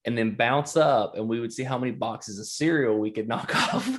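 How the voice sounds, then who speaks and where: A man co-hosting a podcast. He talks in a loose, rambling way, stacks up stories and laughs as he tells them. His voice sits at an everyday middle pitch. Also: moderate pace. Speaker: podcast co-host. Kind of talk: casual chat.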